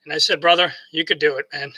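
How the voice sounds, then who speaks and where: A man's voice: fairly high pitch, steady tone, fast, sharp tone, low-quality recording. A man from New York with a New York accent, telling a rambling motivational story that keeps restarting and acts out both sides of remembered conversations. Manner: rambling, repeats words and restarts often. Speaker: motivational speaker. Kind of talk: casual storytelling monologue.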